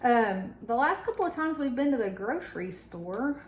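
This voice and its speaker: Mom vlogger, thirties, rambling baking chat, echoey kitchen with audible clatter. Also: female voice, a little high, big pitch swings, moderate pace, slight background noise. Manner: chatty, many fillers, talks to her son. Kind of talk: casual chat while baking. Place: home kitchen.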